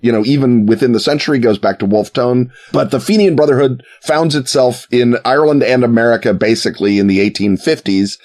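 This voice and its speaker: A man telling a history story in a casual, wry way, with joking asides and quick put-on voices for quoted people. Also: medium pitch, a little mellow.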